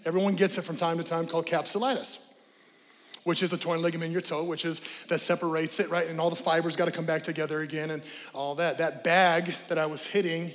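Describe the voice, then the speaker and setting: A middle-aged male pastor preaching with animated energy, swinging between shouted exhortation and joking asides. His voice is fairly high for a man. It carries through a large church with a long, trailing reverb. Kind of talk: sermon. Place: church sanctuary.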